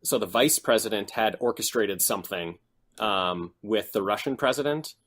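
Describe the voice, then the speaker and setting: A man co-hosting a casual podcast, retelling scenes in an animated, exaggerated way. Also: on the low side. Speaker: podcast co-host. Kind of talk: casual chat.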